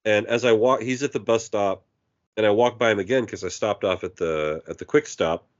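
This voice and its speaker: A man with a lowish voice talks briskly on a lo-fi recording. He's a podcast co-host telling a story in casual conversation, animatedly acting out the voices of the people he quotes.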